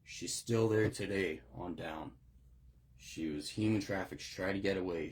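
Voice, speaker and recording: Male recovery host, low and husky, raw swearing monologue, fighting back tears. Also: normal speed. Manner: profane, raw, rambling with restarts. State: emotional, on the verge of tears. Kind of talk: unscripted monologue.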